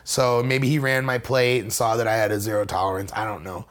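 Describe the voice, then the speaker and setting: Speaking fairly quickly in a lowish, level, fairly bright voice, a man being interviewed rambles through a casual story with self-deprecation and many restarts. When quoting others, he raises his voice to act out their lines.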